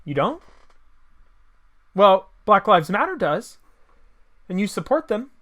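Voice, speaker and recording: A man's voice: high voice, big pitch swings, slow pace, fairly bright tone. A man delivering an opinion monologue, combative and sarcastic, firing off rhetorical questions. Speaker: political commentator.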